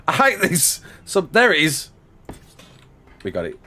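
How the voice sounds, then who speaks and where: A man in his thirties with a Black Country accent chats his way through a game livestream. He reads out chat, thanks donors as mate and son, and pokes fun at himself, his pitch rising and falling freely. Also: huge pitch swings, unhurried, pauses often, pushed and bright. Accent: Black Country English. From Black Country, England. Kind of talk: casual livestream chat reading donations and chat.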